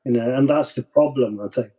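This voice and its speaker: Husky guy, dark mellow tone, guest on a podcast, thoughtful and measured. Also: medium pitch. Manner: reflective, measured explanations. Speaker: podcast guest and blog writer. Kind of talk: casual conversation.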